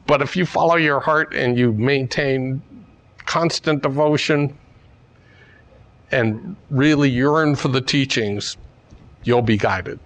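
A man's voice: medium pitch, slow pace, long pauses, fairly bright tone. A man quoting a toothless old hag woman in a story, barely changing his own voice. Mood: questioning.

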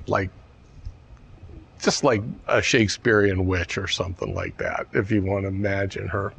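A man's voice: on the low side, creaky. A man telling a teaching story in a casual, digressive way with chuckling asides. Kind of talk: storytelling dharma talk.

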